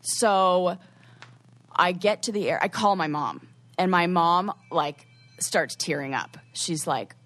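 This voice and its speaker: A woman's voice: lowish voice, a little slow, fairly bright tone, no room sound. A woman co-hosting a podcast, telling a story in a rambling, casual way full of "like.". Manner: rambling, heavy use of "like". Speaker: podcast co-host.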